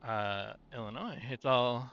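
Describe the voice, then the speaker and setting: A man giving laid-back, joking commentary while driving in a trucking game, thinking out loud as he goes. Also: medium pitch, unhurried. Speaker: game streamer. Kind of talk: casual gameplay commentary. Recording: dull lo-fi mic sound.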